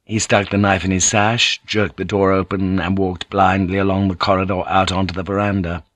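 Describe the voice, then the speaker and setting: A man reading an audiobook in a measured, even narration. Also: low voice, no echo. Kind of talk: scripted narration.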